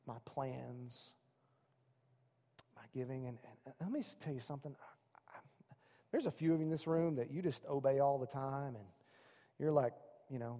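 A man preaching a sermon as pastor, swinging from loud excited calls to quiet, soft asides. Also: a little high. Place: church hall. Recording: long reverb of a large room.

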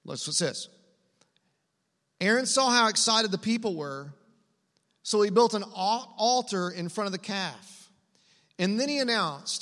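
A man preaching a sermon to a room, conversational and animated, with asides to the listeners. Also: sits high, measured pace, long pauses, in a large hall. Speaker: pastor.

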